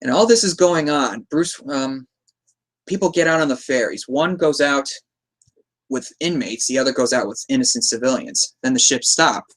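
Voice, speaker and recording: A man's voice: mid-range voice, expressive, moderate pace, fairly bright tone. A man hosting a podcast, recapping a movie in a casual, rambling way, chuckling often and slipping into quoted lines. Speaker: podcast host.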